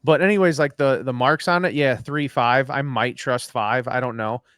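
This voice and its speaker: A man's voice: mid-range voice, normal speed, a bit bright, dry recording. A man co-hosting a live podcast, chatting loosely and rambling, swearing casually. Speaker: podcast co-host. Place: at home after dinner.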